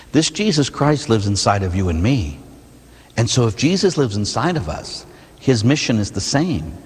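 A Catholic priest delivers a sermon in a conversational, animated way, swinging his pitch widely and firing off rhetorical questions. His voice sits low and has a husky edge. The sound carries a long reverb from the church around him.

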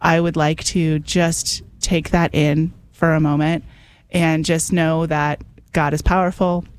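A woman hosting a radio show, talking quickly and enthusiastically as she urges listeners to call in. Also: sits low, flat delivery. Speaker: radio host. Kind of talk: fundraising radio talk.

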